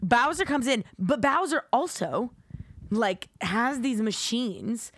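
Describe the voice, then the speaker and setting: A woman's voice: a little high, very animated, slow pace. A woman co-hosting a casual podcast, bubbly and playful, laughing often and adding silly sound effects. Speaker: podcast co-host. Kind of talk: casual chat.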